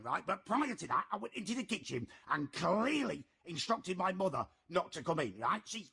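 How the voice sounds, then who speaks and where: A man's voice: a little high, sing-song, fairly quick, creaky, few pauses, pushed and bright, slightly rough. A young man ranting in a comic vlog monologue, stumbling over repeated words. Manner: ranting, stammering repetitions. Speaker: comedy video creator.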